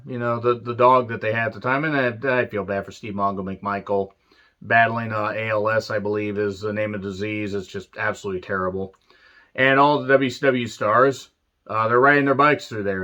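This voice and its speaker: A man giving a casual, animated review of an old wrestling show, swearing freely and tossing in sarcastic asides. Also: mid-range voice, highs cut off. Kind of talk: casual retro review monologue.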